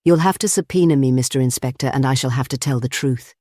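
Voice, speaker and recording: A man's voice: medium pitch, fast, a little mellow, dry recording, clean studio sound, natural voice. Magnus, a placid sneering manservant, as read by a man. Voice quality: hacking accent. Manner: placid, insinuating.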